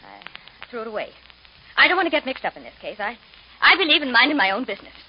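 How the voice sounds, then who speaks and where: An actress playing an evasive housewife witness who answers defensively and does not want to get involved in an old radio drama. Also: female voice, fairly high pitch, sing-song, fast talker. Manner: defensive, self-justifying. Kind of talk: 1950s radio drama acting. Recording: dull lo-fi old radio broadcast, faint hiss.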